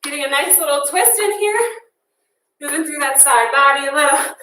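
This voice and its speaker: A high, bright-voiced woman leads a workout, chatty and upbeat, counting reps while short of breath. She sounds a few steps from the camera in an echoey room, with a faint hiss behind her. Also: moderate pace, recorded from a distance. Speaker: fitness instructor. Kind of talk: live workout coaching.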